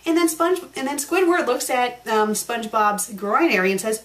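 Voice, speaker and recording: A woman's voice: fairly high pitch, expressive, moderate pace, a bit bright. A woman host reviewing a story in a casual, blunt way, ranting with exasperation and fillers. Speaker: fanfiction reviewer, show host.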